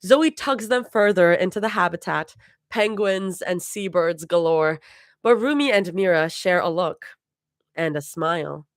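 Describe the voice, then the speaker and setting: A woman's voice: fairly low pitch, measured pace, no echo, studio quality. A woman reading fan fiction aloud live, laughing and stumbling over hard words.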